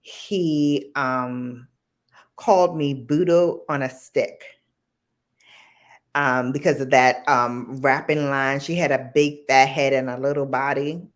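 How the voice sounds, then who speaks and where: A woman with a notably low voice chats as a guest on a livestream. She tells stories at an easy pace, filling pauses with plenty of ums. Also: steady tone. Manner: chatty storyteller, many ums. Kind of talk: casual livestream chat.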